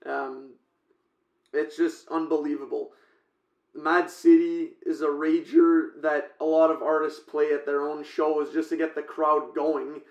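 Flat-voiced young man in an echoey room. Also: fairly high pitch, unhurried. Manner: relaxed, rambling, with "um" and "like". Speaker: podcast co-host. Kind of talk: casual music chat. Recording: roomy echo.

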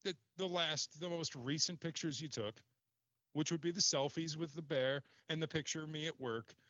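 A man telling an embarrassing story in casual chat, animated and exasperated, swearing casually. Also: fairly high pitch, normal speed, no echo, muffled recording.

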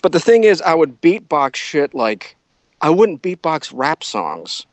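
A man's voice: fairly high pitch, wildly swooping pitch, a little slow, no echo. A man in his thirties, a podcast guest, rambles through casual stories and swears freely while mocking himself. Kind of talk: casual storytelling chat.

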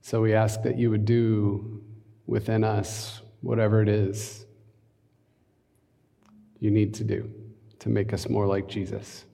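A pastor in a church hall preaches and reads scripture aloud, breaking off for conversational asides and leading a prayer. His lowish voice is gravelly and warm, flat in delivery, slow, with frequent pauses. Long hall reverb colors the recording.

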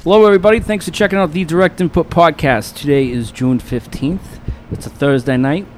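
New guy hosting a podcast in a diner, swears a lot, kinda high voice, some noise behind. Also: brisk, a little mellow. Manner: profane, joking, blunt. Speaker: podcast host. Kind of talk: casual interview chat. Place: diner, indoors.

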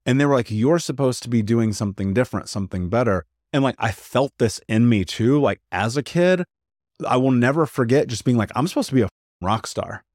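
In a dry, studio-quality recording, a man with a medium-pitched voice speaks briskly as a podcast guest. He tells his own story candidly and with real animation, frequently quoting others by performing their lines.

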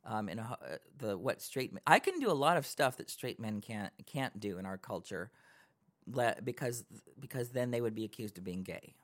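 A man with a middle-pitched voice gives wry, earnest opinions on a casual podcast. He talks freely, in an everyday conversational way. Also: lively intonation, moderate pace, a bit bright. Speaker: podcast co-host.

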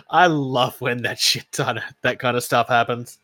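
An Australian man co-hosts a casual podcast chat about tabletop gaming, rambling, mocking himself, and laughing often. His medium-pitched voice is slow and sharp in tone, recorded dry.

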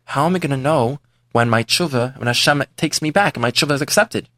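A man's voice: mid-range voice, brisk, pushed and bright, no room sound, clean studio sound, close to an everyday voice. A man voicing a repentant rich man who confesses his past in an earnest, plain way. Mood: confessional. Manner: earnest, confessional first-person telling. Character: repentant rich man, former priest, older.

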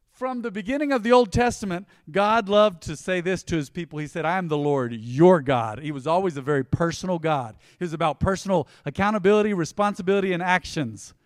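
A man in his forties preaching a sermon as pastor, swinging from emphatic loud passages to hushed, tender ones. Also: high voice, dry recording, studio quality, big-room sound. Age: 40s. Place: church sanctuary.

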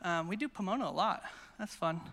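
A man's voice: high voice, a little fast, vocal fry, big-room sound. A man preaching at a conference, telling stories energetically and acting out quotes. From United States. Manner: energetic, storytelling with acted quotes. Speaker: pastor. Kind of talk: sermon storytelling. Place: conference hall.

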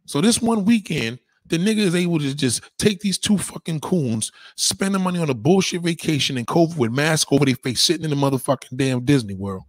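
A husky-voiced man rants, sweary and heated. His voice swings up and down all over, and the sound is dry and close. He jumps from loud bursts to low muttering. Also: animated, a little fast, hardly any pauses, dry recording. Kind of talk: profane ranting monologue.

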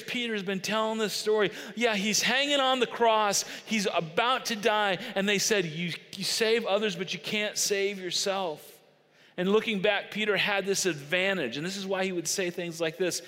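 A man preaching a sermon with dramatic swings, building to loud emphasis and then dropping to hushed, slow lines. His voice sits a little high for a man. A long hall reverb trails behind every phrase. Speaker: pastor.

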